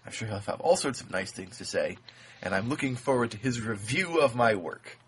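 Young guy podcast host, wry and mock-grand, bright lively voice, faint hiss behind. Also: medium pitch, a little fast. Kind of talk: casual podcast banter.

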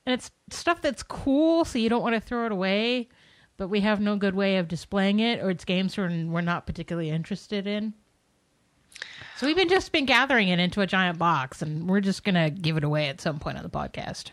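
A woman chatting on a podcast panel in a mid-pitched voice. She explains things plainly and matter-of-factly, and her mic sounds dry and close. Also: expressive, a little fast, no room sound. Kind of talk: casual podcast chat.

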